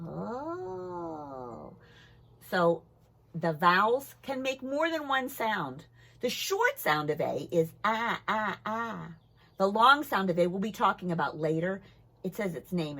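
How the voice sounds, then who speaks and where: Casting: older female teacher, bright lively voice, playful children's phonics lesson. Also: medium pitch. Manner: playful, drawn-out demonstrations.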